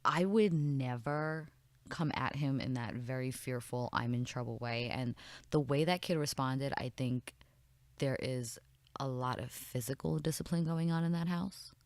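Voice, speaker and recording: A woman's voice: very deep voice, measured pace, dry recording. A young adult woman co-hosting a podcast in a casual, blunt and heavily profane way. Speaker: podcast co-host. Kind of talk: casual chat.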